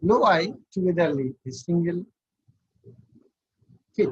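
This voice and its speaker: A male lecturer talks slowly and deliberately, walking through each point one step at a time. His voice sits a bit high and sounds very husky and breathy. The recording is dull and lo-fi, like a low-quality online class. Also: lively intonation. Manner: slow, counting and explaining step by step. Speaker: university lecturer.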